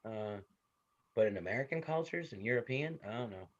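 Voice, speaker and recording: A man in his thirties or forties giving a classroom psychology lecture, animated and conversational, with stories from home. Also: medium pitch, fairly quick, muffled recording. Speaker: psychology instructor.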